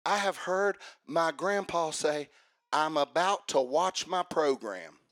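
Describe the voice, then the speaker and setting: A man preaching a fiery sermon, swinging from hushed asides to shouted emphasis. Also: a little high, expressive, takes it slowly.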